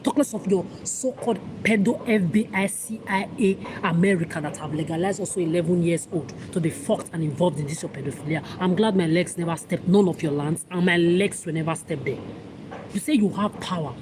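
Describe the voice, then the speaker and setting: Lowish-voiced woman ranting at the camera, accusing everyone, noisy home recording. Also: a little fast. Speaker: vlogger. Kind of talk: angry monologue to camera.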